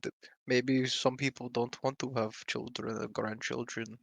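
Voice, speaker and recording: Brief: gravelly man, blunt tabletop player, dry close mic. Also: mid-range voice, level tone, no room sound. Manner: blunt banter, halting polite in character. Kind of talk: casual tabletop play.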